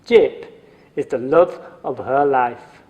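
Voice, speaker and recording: A man's voice: medium pitch, slow, darkish tone, long reverb tail. A man narrating a story from a script in a dry, wry manner.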